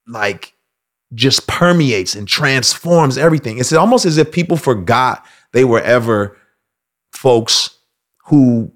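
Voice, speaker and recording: A man hosting a casual commentary monologue, animated, acting out quoted voices with loud outbursts. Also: mid-range voice. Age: adult. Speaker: host.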